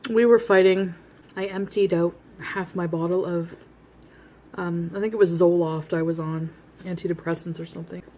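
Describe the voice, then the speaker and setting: A woman's voice: fairly low pitch, fairly even intonation, normal speed, warm tone. A woman telling a chatty, confessional story while eating on camera, casual storytime. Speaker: mukbang vlogger.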